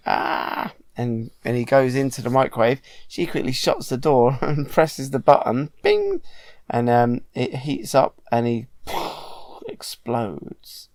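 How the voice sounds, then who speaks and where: A father retelling a film story to his child at home. He talks slowly and chattily at a middle pitch, pausing for ums. The recording is dry and close. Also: dry recording. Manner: chatty, animated, hesitant with ums. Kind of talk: casual storytelling.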